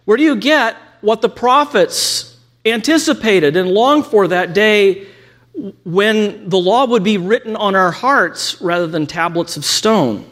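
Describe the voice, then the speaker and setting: A man's voice: high voice, expressive, unhurried, a bit bright. Man lecturing on scripture, quotations read aloud. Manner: reads quotations aloud with ironic asides. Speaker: Bible teacher.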